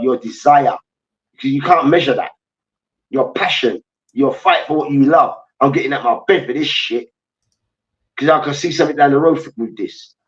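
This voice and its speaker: A man's voice: fairly high pitch, distant mic, highs cut off. A man co-hosting a casual sports chat, swearing and slangy, acting out quotes. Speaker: podcast co-host.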